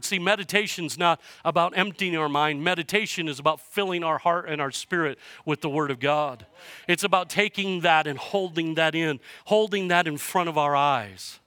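A male pastor preaching to his church, his voice fairly high and bright. He swings from quiet, hushed stretches to loud, passionate declarations. The sound is close and dry. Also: normal speed, no room sound. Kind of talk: sermon. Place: church sanctuary.

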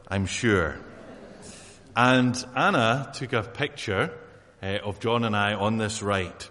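A man preaching a sermon in a relaxed, conversational way, full of fillers and asides to his congregation. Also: medium pitch. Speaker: pastor. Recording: long hall reverb.

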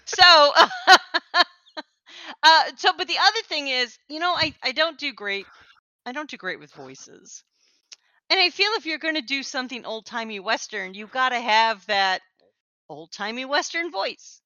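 A woman's voice: high voice, lively intonation, unhurried, pushed and bright, dry recording. A woman co-hosting a podcast in casual chat, talking in a chatty, self-deprecating way and laughing easily. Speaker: podcast co-host. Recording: slightly dull lo-fi sound.

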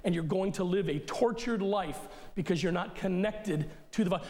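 A man's voice: high-pitched, normal speed, a little mellow. A male pastor preaching a sermon in an emphatic, conversational way, speaking straight to his listeners.

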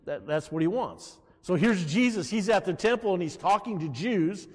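High, lively-voiced preacher man in reverberant hall. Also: moderate pace. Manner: animated preaching, calls out "Amen?" to the congregation. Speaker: pastor. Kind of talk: sermon. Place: church.

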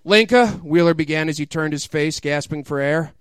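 A man's voice: a little high, completely flat delivery, a little fast, clear, resonant tone. A man giving a mock-dramatic comic reading of crude fiction, often laughing and breaking into incredulous asides. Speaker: comedic reader.

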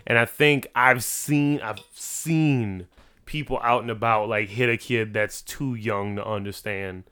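A young man in casual podcast chat, loud and animated, swearing freely. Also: lowish voice, unhurried, clean tone.

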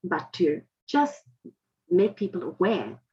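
A woman's voice: lowish voice, big pitch swings, takes it slowly, a little mellow. A woman in her forties with an adapted Indian-heritage Australian accent, telling her story as an interview guest in an earnest, reflective way. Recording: dull lo-fi audio.

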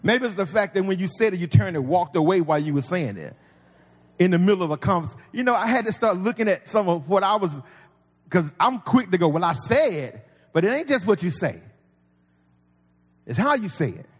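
A man's voice: sits high, animated, fairly quick. A man preaching a sermon as pastor, folksy and conversational with humor. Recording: long reverb of a large hall.

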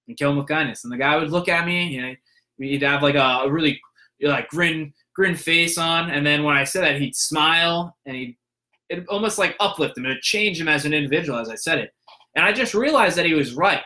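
A man's voice: on the high side, brisk, sharp tone. A young man telling a story in a casual monologue, rambling with fillers and restarts and acting out the people he quotes.

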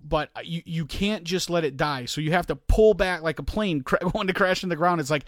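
A man's voice: fairly high pitch, fairly quick, hardly any pauses, fairly bright tone, no room sound, studio quality. A man co-hosting a podcast in casual chat, rambling through stories and acting out quoted asides. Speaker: podcast co-host.

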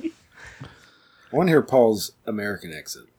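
A man's voice: lowish voice, very animated, moderate pace, darkish tone, husky, no room sound, rough recording. A man co-hosting a podcast, bantering casually, joking and laughing a lot.

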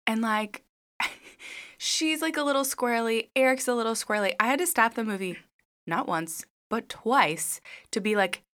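A woman co-hosting a casual chat, telling stories in a chatty, animated way while she eats. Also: a little high, moderate pace. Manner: chatty, animated storytelling with laughs.

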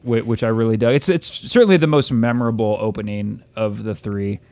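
A man's voice: fairly low pitch, brisk, warm tone, no echo. A man co-hosting a podcast in casual chat, loose and profane, often restarting his sentences. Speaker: podcast co-host.

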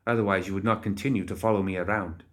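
A cold, composed necromancer woman, read by a man in an audiobook. She speaks quietly, in short, clipped lines. The voice sits fairly low. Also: fairly even intonation, fast talker. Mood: curt.

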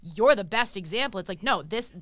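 A woman hosting a podcast in casual chat, talking fast and loose with lots of filler words. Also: medium pitch, lively intonation, dry recording. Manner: chatty, heavy use of "like", swears casually. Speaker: podcast host.

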